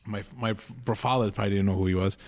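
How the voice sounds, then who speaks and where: A man's voice: on the low side, quick pace. A middle-aged man with a Rhode Island accent, telling a long family story as a podcast co-host and stopping often to act out the people in it. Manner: rambling, animated storyteller acting out quoted voices. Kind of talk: storytelling in casual chat.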